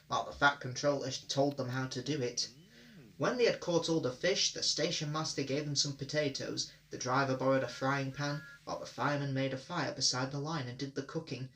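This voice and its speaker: A man reading children's railway stories aloud in steady, clear narration. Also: mid-range voice, rough recording. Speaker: reader. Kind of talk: storybook reading.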